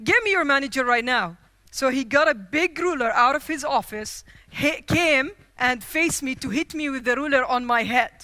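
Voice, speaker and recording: Female keynote speaker, bright and forceful tone, dry close sound, animated storyteller who acts out quotes. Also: sits high, normal speed, dry recording. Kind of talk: storytelling speech. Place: conference stage.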